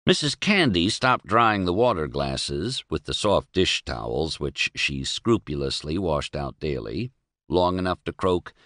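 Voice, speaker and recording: A man narrating an audiobook in a lower voice, with lively, expressive swings of pitch. The recording is dry and close, and his telling is measured. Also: no room sound. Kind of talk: scripted narration.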